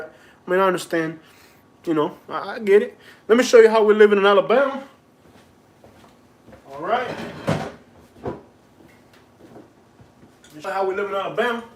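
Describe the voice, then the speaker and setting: A man with a notably high voice talks loosely to his viewers on a phone live stream at home. He rambles, jokes and complains in a playful, mock-aggrieved way. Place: at home indoors.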